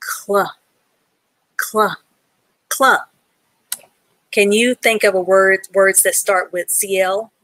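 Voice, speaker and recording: Patient reading teacher lady, talks real slow, dry close sound, praises her students a lot. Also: mid-range voice, fairly even intonation, a bit bright, no echo. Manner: praises learners from the chat. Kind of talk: live online reading lesson.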